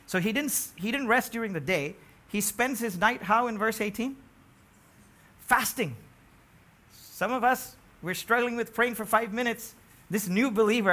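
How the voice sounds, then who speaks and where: Male preacher, high bright voice, emphatic sermon delivery with swings from quiet to loud, questions thrown to the congregation. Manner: emphatic, rising to near-shouts on key phrases, asks the congregation questions.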